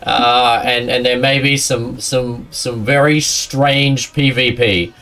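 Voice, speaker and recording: A man's voice: medium pitch, steady tone, slow, bright, forceful tone, recorded from a distance. A man streaming a game, chatting casually with his viewers and a friend, often laughing and rambling. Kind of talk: casual live-stream chat while gaming.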